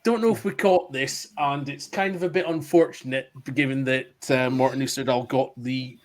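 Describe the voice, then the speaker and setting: A man's voice: mid-range voice, fairly even intonation, moderate pace. Chatty man co-hosting. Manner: chatty, frequent ums and laughs. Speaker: podcast co-host. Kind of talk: casual chat.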